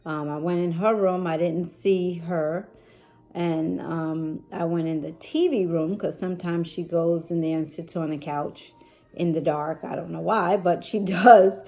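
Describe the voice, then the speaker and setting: Middle-aged woman storyteller, mellow and fairly low, chatty, with lots of ums. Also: steady tone, measured pace. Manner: chatty and emotional, with many fillers. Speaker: caregiver vlogger. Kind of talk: personal storytelling.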